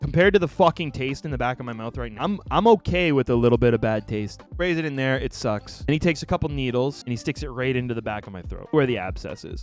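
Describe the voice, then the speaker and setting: A man streamer telling a story in casual talk to his viewers, animated and profane, acting out the people in it. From Canada. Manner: animated, profane, mimics the doctor in raised pitch.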